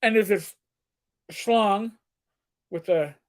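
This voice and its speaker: A man's voice: sits high, takes it slowly. A middle-aged man telling stories in casual chat, crude and joking, sometimes slipping into put-on voices. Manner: storyteller who slips into put-on voices, crude jokes. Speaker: co-host.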